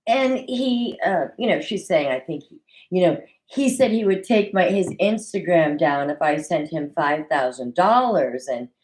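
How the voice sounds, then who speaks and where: Solo recap host, woman, lively swooping delivery, slightly low-set voice, chatty and opinionated. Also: unhurried, low-quality recording. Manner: chatty, opinionated, animated with mock quoted voices. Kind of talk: casual solo recap commentary. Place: at a desk at home.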